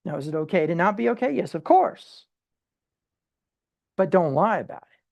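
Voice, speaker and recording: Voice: mid-range voice, animated, normal speed, vocal fry, darkish tone, lo-fi sound. An informal Bible study teacher talking in a loose, conversational way. The voice throws rhetorical questions at the group, restarts phrases and slips into brief acted-out quotes of everyday people. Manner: acts out everyday people in short quoted asides.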